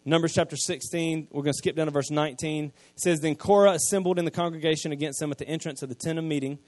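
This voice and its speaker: A pastor preaches a sermon, retelling scripture in casual everyday language and swinging from quiet asides to loud emphasis. His voice is fairly high-pitched, and the recording is dry.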